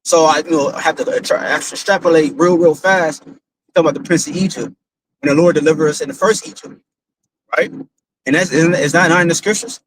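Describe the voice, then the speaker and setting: A man's voice: fairly high pitch, fairly even intonation, brisk, dry recording, low-quality recording. A man, a father, telling a religious testimony in a casual, rambling, slangy way, repeating himself as he goes. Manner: rambling, repetitive, slangy storytelling.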